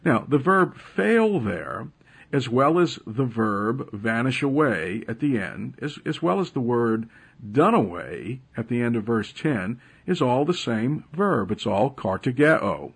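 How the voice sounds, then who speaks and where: A man's voice: medium pitch, sing-song, measured pace, gravelly, slightly rough. A man who is a pastor, giving a radio Bible teaching broadcast, talking conversationally with many fillers and rising emphatically when he stresses his points.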